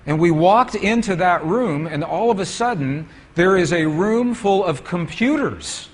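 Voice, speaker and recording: A man's voice: high-pitched, expressive, a little slow, breathy edge. A man giving a storytelling lecture with slides to an audience, asking them questions as he goes.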